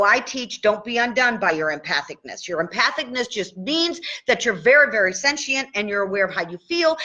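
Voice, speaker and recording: A woman's voice: mid-range voice, pushed and bright, muffled recording. A woman coaching tapping in a casual live stream, chatty and checking in with "okay?" after each point. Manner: chatty, says "okay?" often.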